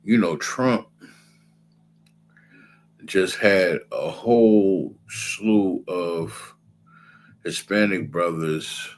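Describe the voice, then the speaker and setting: Speaking low and slowly, drawing out his words and pausing often, a religious class teacher talks through scripture in a casual, repetitive way. He keeps checking in with "you understand?" over a low-quality recording with a little background noise.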